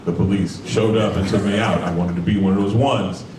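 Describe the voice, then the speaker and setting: A Brooklyn stand-up comedian in his forties works a comedy club crowd, speaking profanely and conversationally with plenty of rhetorical asides. His voice sits low, fairly even and brisk. The recording is echoey, with a far mic, background noise and audience laughter.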